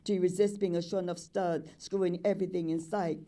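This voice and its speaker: A woman's voice: on the low side, steady tone, fast talker, dark tone. An older woman performing spoken-word poetry in a rhythmic, incantatory way, chanting repeated refrains. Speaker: poet.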